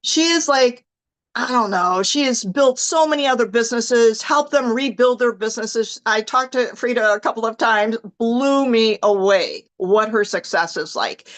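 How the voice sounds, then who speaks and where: A woman leading a motivational team call over video, chatty and gushing, her voice a little hoarse. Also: fairly high pitch, moderate pace, low-quality recording. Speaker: team leader.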